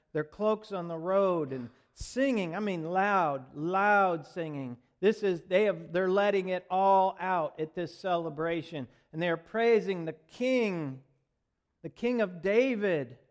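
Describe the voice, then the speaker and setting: Slow, higher-voiced male preacher. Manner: dramatic swings from loud proclaiming to hushed tenderness. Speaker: pastor. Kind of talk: sermon.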